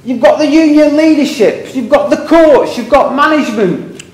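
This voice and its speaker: A man's voice: very high voice, normal speed, darkish tone. Earnest older Liverpool man in an echoey hall. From England. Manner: earnest, rambling, self-deprecating asides. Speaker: public meeting speaker. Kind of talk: impassioned public speech. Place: meeting hall.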